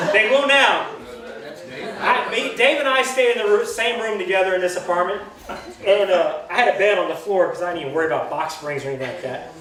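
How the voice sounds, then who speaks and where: A man with a drawl tells rambling stories at a party roast and keeps laughing through them. His voice sits high. He is heard from far off in a booming hall, with a crowd around him. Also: brisk, pushed and bright. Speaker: roast speaker telling stories. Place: large hall at a birthday party. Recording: echoey hall, distant mic, crowd noise.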